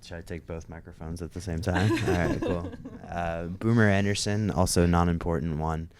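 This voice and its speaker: A man's voice: low-pitched, steady tone, normal speed, crowd noise. A man hosting a podcast in a loose, joking conversational way. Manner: easygoing, joking. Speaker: podcast host. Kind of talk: casual podcast chat.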